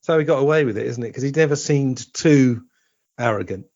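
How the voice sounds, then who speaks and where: A man hosting a podcast, chatting casually and reminiscing with a quick laugh. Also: mid-range voice, a little mellow, dry recording. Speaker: podcast host. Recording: dull, dry lo-fi audio.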